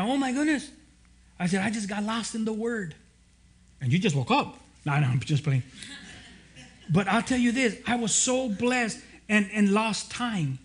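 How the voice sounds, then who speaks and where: A man preaching a sermon as pastor, with a relaxed, animated storytelling manner, slangy asides and frequent restarts. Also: high voice.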